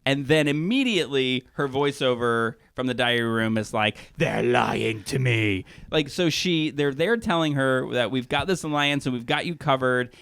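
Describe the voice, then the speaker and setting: A man of middling pitch co-hosts a casual podcast and recaps a reality show, acting out each quote and breaking into laughter. His voice sounds dry and close to the mic, with no room around it. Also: normal speed, hardly any pauses, clear, resonant tone, dry recording. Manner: animated storyteller who acts out quotes, laughs often. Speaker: podcast co-host.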